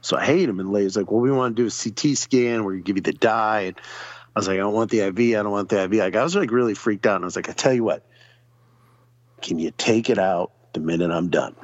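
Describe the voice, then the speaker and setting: A man's voice: lowish voice, fast talker, breathy edge, no room sound, muffled recording. A man telling a long personal story in casual, profane chat, acting out other people's lines as he goes. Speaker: podcast guest.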